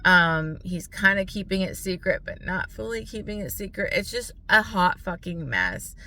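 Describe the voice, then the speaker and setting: A woman's voice: mid-range voice, expressive, normal speed, sharp tone, a little hiss or hum. A young American woman giving a blunt, frustrated book review, swearing often and filling her talk with "like". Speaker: book vlogger.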